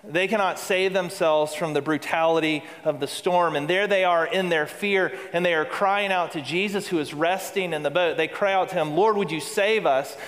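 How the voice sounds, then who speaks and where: A man's voice: on the high side, steady tone, moderate pace, few pauses, fairly bright tone. A man preaching a sermon to a congregation, earnest and building to emphatic peaks with repeated phrases. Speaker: pastor. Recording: long hall reverb.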